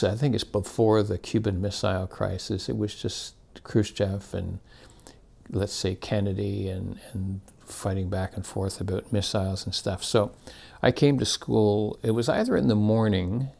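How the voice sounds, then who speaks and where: A man's voice: lowish voice, vocal fry, darkish tone. An older man casually reminiscing about his school days, rambling and correcting himself as he goes. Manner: rambling, self-correcting, chuckling. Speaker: storyteller.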